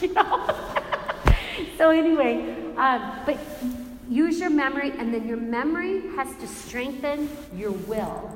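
A woman gives an animated faith talk, acting out the people in her stories and laughing as she goes. Her slightly high voice carries through a large, echoing hall with long reverb. A faint room ambience sits underneath. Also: slight background noise. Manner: animated storyteller who acts out quotes and laughs often. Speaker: Christian speaker. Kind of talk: faith talk with personal storytelling.

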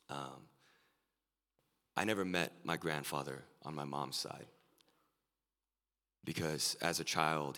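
Deep gravelly-voiced male pastor preaching. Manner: earnest, builds to excited emphasis. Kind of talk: sermon. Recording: live sermon with long hall reverb.

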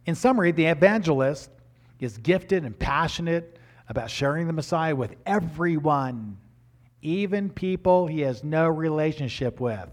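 Older man, sermon storytelling, slightly high voice, animated, stumbling restarts. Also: normal speed. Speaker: pastor.

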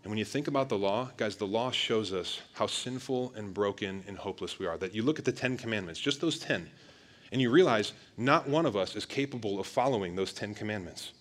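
Male pastor, low voice, emphatic sermon delivery, speaks directly to the listeners. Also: brisk. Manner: energetic, emphatic preaching with direct address to the congregation.

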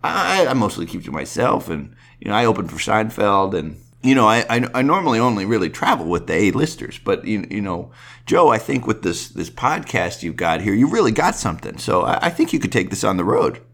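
A man impersonating a soft-spoken, polite male comedian in a halting, stammering voice. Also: very animated, exaggerated voice. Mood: bashful. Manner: high, halting, stammering goofball voice.

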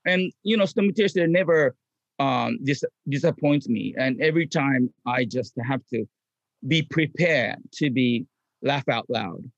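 Man in halting non-native English. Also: medium pitch, animated, creaky, dry recording, lo-fi sound. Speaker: guest, clown comedian and improviser. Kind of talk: casual interview.

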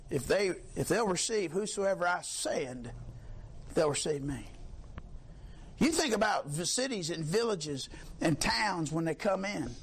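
A man preaching a sermon, fiery, swinging from low talk to high shouts. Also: slight background noise.

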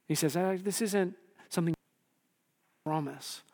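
A man preaching a sermon in a conversational, animated way, often dropping or raising his voice to act out quotes. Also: high voice, moderate pace, big-room sound. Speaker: pastor.

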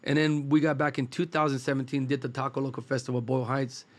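A man from East Los Angeles, a food truck cook, telling rambling anecdotes in a relaxed, casual chat. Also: mid-range voice, quick pace. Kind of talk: casual storytelling.

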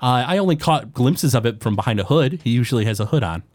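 A man's voice: medium pitch, lively intonation, quick pace, darkish tone, no echo, lightly acted. A man voicing a cheerful female forest gnome baker who chats and hesitates. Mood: friendly. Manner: chatty, hesitant, gossipy.

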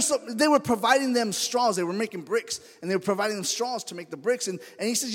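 A man with a high, light voice preaches in a church sanctuary, and his words ring out with a long hall reverb. He talks in a loose, conversational way and slips into the voices of the people in his stories. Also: expressive, quick pace, hardly any pauses. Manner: conversational storytelling, acts out quoted voices. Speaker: pastor. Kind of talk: sermon.

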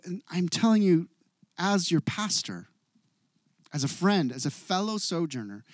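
A man in his forties preaching a sermon as a pastor, earnest and confessional, going from hushed and soft to loud and raised. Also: fairly high pitch, dry recording, studio quality. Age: 40s.

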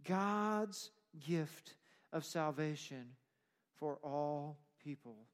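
A man's voice: fairly high pitch, lively intonation, very slow. A man preaching a sermon as pastor, explaining scripture in an emphatic way. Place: church sanctuary. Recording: long reverb of a church hall.

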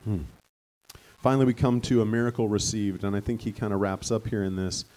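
A man's voice: fairly low pitch, steady tone, fairly quick, warm tone. A man preaching a sermon in a conversational way, now and then rising to fervent emphasis. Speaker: pastor.

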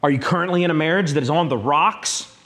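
A man's voice: a little high, quick pace, fairly bright tone. A male pastor preaching a sermon, emphatic and repetitive, speaking directly to his congregation.

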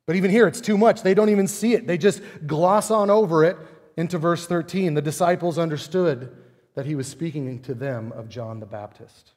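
A man preaches with a fairly high voice that rings out through a hall with long reverb. He talks animatedly, asking rhetorical questions and hammering his points with drama. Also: normal speed, darkish tone. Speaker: pastor. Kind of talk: sermon.

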